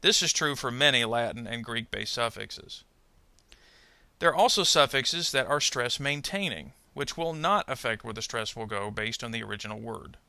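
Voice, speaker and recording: A man narrating a pronunciation lesson, speaking carefully and modelling example words slowly. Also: mid-range voice, lively intonation, creaky, bright, forceful tone, smooth, dry recording. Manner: slow, careful, modelling word stress. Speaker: ESL pronunciation teacher. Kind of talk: scripted instructional narration.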